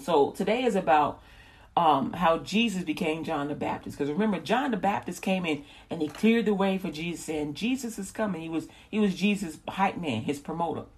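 A woman's voice: on the low side, darkish tone, slightly rough. A woman giving casual Bible teaching in a rambling, slangy way, with frequent restarts.

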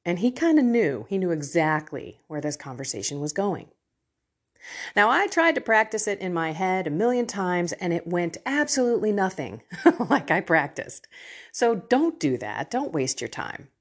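A woman's voice: lowish voice, very animated, normal speed. A middle-aged woman hosting a faith podcast, teaching her listeners in a candid, emotional way and laughing often.

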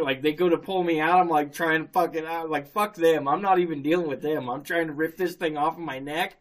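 Brisk and barely pausing, a man with a fairly high voice spins a story in casual conversation. His telling is lively and loaded with profanity, broken up by frequent laughter.

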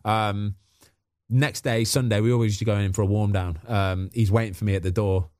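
A man, a podcast guest and former goalkeeper, telling chatty stories in a lively way and acting out the quotes. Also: fairly low pitch, a little fast, no room sound, studio quality. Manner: animated, acts out quotes, chatty. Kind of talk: casual storytelling.

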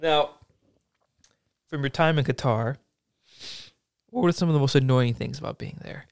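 A man's voice: medium pitch, normal speed, creaky, smooth, no echo, studio quality. Casual male podcast host asking questions. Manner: asks questions, reacts with short interjections. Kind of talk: casual interview.

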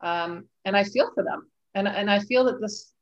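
A woman's voice: medium pitch, moderate pace, dull audio. A woman author speaking as a guest in a casual interview, earnest and thoughtful, with frequent fillers.

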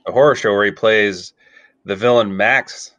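Low-voiced wry male podcaster. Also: normal speed, fairly bright tone, dry recording, muffled recording. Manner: wry, joking, conversational. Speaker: podcast co-host. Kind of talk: casual movie podcast chat.

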